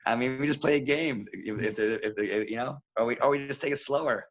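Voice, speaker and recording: A man talking as a wrestling coach in a casual interview, blunt and animated, acting out what people said. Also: mid-range voice, fairly quick. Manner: blunt, animated, acts out quotes. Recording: dull lo-fi audio.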